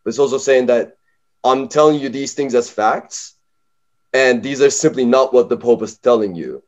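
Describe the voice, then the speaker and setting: A man's voice: mid-range voice, normal speed, dull audio. A man co-hosting a casual book discussion, talking in loose, joking rambles full of fillers. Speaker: podcast co-host.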